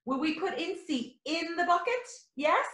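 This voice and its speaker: A woman teaching young children, animated and sing-song, with exclamations and little songs. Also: extremely high pitch, moderate pace. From Ireland. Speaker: early years teacher. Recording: roomy echo.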